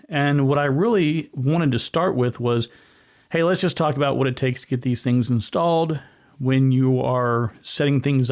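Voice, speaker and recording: Male podcast host, casual solo talk, rambling and self-correcting, middle pitch. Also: darkish tone. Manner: gestures with hands while talking.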